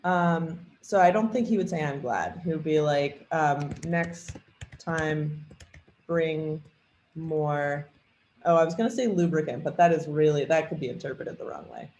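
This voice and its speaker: A man leading a software training demo, thinking aloud with a lot of fillers and hesitation. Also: fairly high pitch, animated, a little fast, few pauses, a little hiss or hum. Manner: rambling, hesitant, many fillers. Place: at a computer. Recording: echoey room with faint typing.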